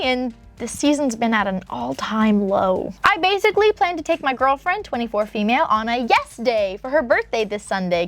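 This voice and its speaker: High-voiced woman telling stories, sarcastic. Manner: emphatic and sarcastic, with drawn-out pauses. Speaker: storytime host reading and reacting to submissions. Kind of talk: casual storytime commentary and reading aloud. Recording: soft background music.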